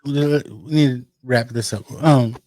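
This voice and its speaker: A man's voice: medium pitch, unhurried, darkish tone, no room sound. A man co-hosting a podcast in casual chat, teasing and wisecracking. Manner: wisecracking, teasing, slips into joke accents. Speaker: podcast co-host.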